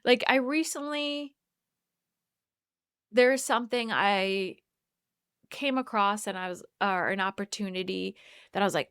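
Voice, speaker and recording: A woman hosting a solo wellness podcast, talking in an earnest, halting way with many restarts. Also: medium pitch, a bit bright, smooth, no room sound, studio quality. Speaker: podcast host. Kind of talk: reflective solo podcast monologue.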